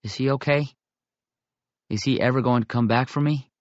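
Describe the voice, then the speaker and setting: A man with a mid-range voice narrates a first-person audiobook in a steady, measured storytelling style. The recording is lo-fi, with no echo.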